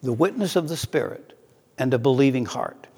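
A man's voice: medium pitch, animated, warm tone, slightly rough. Preacher man in a reverberant hall. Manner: earnest, slows down to read scripture aloud. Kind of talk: sermon.

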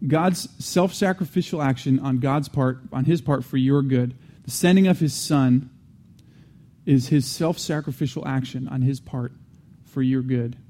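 Earnest man teaching a warm sermon. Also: medium pitch, a little slow. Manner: earnest, repeats and restates key phrases; frequent restarts and fillers, conversational asides. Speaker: Christian teacher.

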